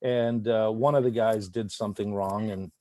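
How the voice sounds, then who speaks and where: Middle-aged male actor from Italy, lively anecdotal interview guest, recorded dry and close. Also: fairly low pitch, moderate pace, no echo. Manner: animated anecdotes with frequent laughs. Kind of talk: casual interview storytelling.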